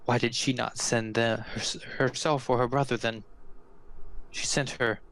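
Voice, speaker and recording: Casting: a man as a grieving older priest, tired and faltering, apologetic, with a mid-pitched voice. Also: steady tone, a little slow, a bit bright, low-quality recording. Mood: weary.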